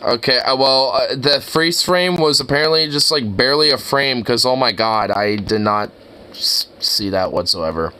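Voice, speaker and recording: A young man doing casual reaction commentary, incredulous and excitable, who swears a lot and trips over his words. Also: mid-range voice, normal speed, smooth. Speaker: reaction video host.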